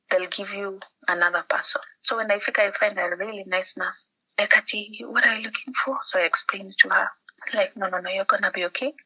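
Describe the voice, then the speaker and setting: This podcast guest, a woman with a Kenyan accent, chats casually over the phone while telling a story, voicing the people she quotes and dropping in Swahili words. Her medium-pitched voice comes across pushed and bright through muffled phone-call audio.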